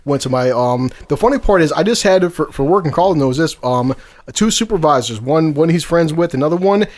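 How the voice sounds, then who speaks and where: Podcast host, man with a high voice, loose profane storyteller who laughs a lot. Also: animated, brisk. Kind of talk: casual storytelling chat.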